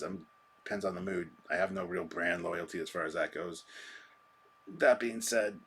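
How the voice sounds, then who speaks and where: A man's voice: sits low, a bit bright, breathy edge. A man hosting a live stream, chatting casually and rambling through viewer comments with a self-deprecating manner.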